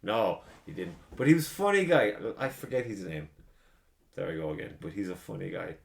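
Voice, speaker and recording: A man's voice: low voice, expressive, fairly quick, vocal fry. An Irish man hosting a podcast, telling rambling, profane stories in a casual chat. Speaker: podcast host.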